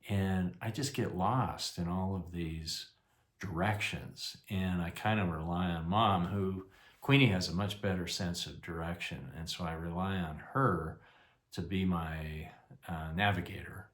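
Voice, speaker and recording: A man's voice: sits low, fairly even intonation, a little slow, fairly bright tone. An older man casually telling a rambling, self-deprecating personal story, full of fillers. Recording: echoey room.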